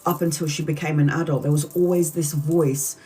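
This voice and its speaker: A woman hosting a tarot live stream, retelling a story in an animated, chatty way and acting out the quoted speech. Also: low-pitched, a little fast. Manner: chatty, addresses viewers mid-story.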